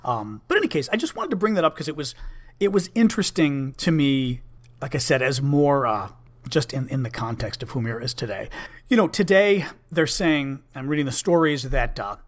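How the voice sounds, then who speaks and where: A man's voice: mid-range voice, expressive, brisk. A man in his fifties candidly telling a personal story in a casual monologue, conversational and blunt. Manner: candid, conversational, with fillers and restarts, blunt language. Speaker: vlogger, former Senate staffer.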